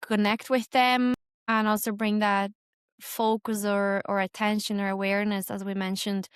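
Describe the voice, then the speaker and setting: A woman's voice: mid-range voice, flat delivery, moderate pace, smooth, no room sound, clean studio sound. A woman hosting a podcast interview, attentive and affirming as she asks her guest questions. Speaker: podcast host.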